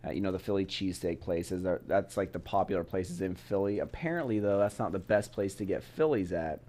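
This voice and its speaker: A man's voice: low-pitched, a little fast, warm tone. A young man from the West Coast chatting casually in a vlog, rambling with lots of "like" and "you know". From Portland, Oregon, US West Coast. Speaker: vlogger. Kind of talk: casual travel vlog chat. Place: away on a work trip.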